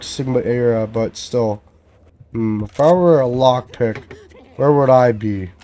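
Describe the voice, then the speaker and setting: A man's voice: mid-range voice, mellow. A young man from Canada, giving casual, profane commentary as he plays and talks to himself. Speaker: gamer.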